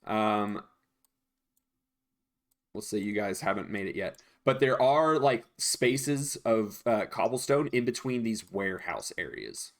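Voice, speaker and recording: A man narrating as game master of a tabletop game, relaxed and hesitant with frequent ums. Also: fairly low pitch, slow pace.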